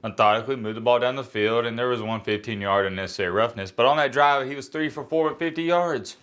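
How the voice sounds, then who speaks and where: A man's voice: medium pitch, quick pace, fairly bright tone, clear, resonant tone. A man giving a casual, opinionated reaction to a college football game, blunt and self-mocking, often rambling and restarting his sentences. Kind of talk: casual sports reaction rant.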